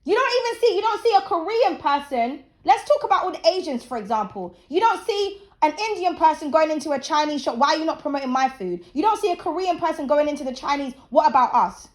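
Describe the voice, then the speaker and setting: A woman's voice: very high-pitched, expressive, fast talker, hardly any pauses. A woman in her thirties hosting her channel, ranting bluntly and profanely in a casual, preachy opinion talk. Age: 30s. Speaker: channel host. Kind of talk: casual opinion rant to camera.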